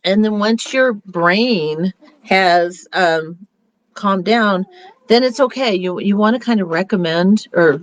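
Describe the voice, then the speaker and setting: A woman's voice: lowish voice, dry recording. A woman beauty consultant giving a casual motivational talk in a chatty, upbeat way, with rambling restarts. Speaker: beauty consultant leading a meeting.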